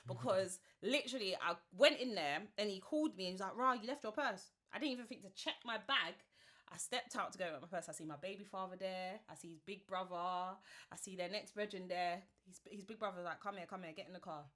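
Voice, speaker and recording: A woman's voice: mid-range voice, a little fast, fairly bright tone. A woman in her twenties with a London accent, telling her story animatedly with plenty of slang as a podcast guest. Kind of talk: casual chat.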